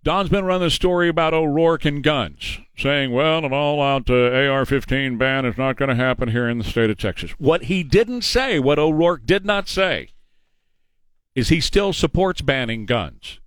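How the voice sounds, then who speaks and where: A middle-aged man delivers a combative political monologue as a talk show host, sarcastic and quick with his jabs. His voice sits at an ordinary male pitch. The sound is close and dry, with no room around it. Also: lively intonation, a bit bright, clear, resonant tone, no echo. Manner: combative, sarcastic, fast-talking.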